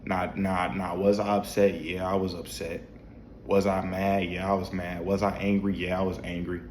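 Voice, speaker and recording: Deep-voiced man preaching to camera. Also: flat delivery, moderate pace, darkish tone, reverberant, a little hiss or hum. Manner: repetitive, preachy, with restarts and rhetorical questions. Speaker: faith vlogger. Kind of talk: casual spiritual talk to camera. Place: home at night, dim room.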